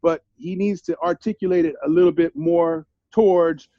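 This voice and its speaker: A man's voice: fairly high pitch, fairly even intonation, moderate pace, no room sound, lo-fi sound. A middle-aged man telling candid stories as an interview guest, in street slang with plenty of swearing and repeated "you feel me?". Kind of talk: candid storytelling.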